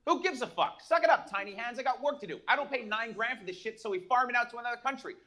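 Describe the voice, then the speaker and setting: A young adult man doing a profane, brash stand-up comedy set with rapid-fire jokes. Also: very high-pitched, bright, forceful tone.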